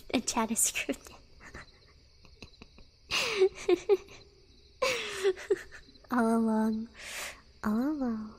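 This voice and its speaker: A young woman streamer talking with her viewers in a teasing, playful way, slipping into whispered asides and little giggles. Her voice sits fairly high, and she takes her time. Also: mellow. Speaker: live streamer. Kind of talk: casual live-stream chat with viewers.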